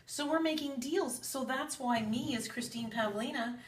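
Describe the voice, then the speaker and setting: Speaking at a normal pace in a high voice, a psychic channel host chats earnestly to camera about spiritual ideas, dropping in quoted asides. The recording sounds distant and echoey.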